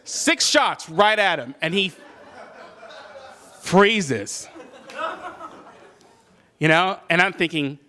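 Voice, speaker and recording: A man's voice: high-pitched, expressive, drawn-out words, pauses often, pushed and bright. A man telling a personal story live, conversational and self-deprecating, with many fillers. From California.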